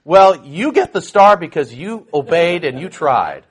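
A man's voice: on the high side, big pitch swings, a little slow, breathy edge. A man teaching the Bible to a live group in a conversational, sarcastic way, with mocking asides.

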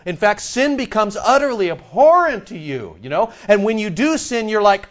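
A man preaching a sermon as pastor, animated and sarcastic, firing rhetorical questions at the congregation. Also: high voice, normal speed, hardly any pauses, highs cut off.

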